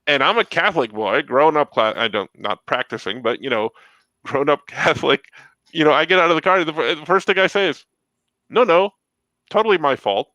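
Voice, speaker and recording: A man's voice: a little high, expressive, fairly quick, bright, forceful tone, no room sound, rough recording. A man co-hosting a podcast, telling a story in a rambling, self-interrupting way and laughing often. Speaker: podcast co-host. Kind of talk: casual storytelling.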